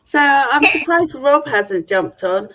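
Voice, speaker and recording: A woman's voice: sits high, lively intonation, slow pace, a bit bright. A woman co-hosting a casual live chat, giggly and teasing. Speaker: co-host. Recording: dull lo-fi stream audio.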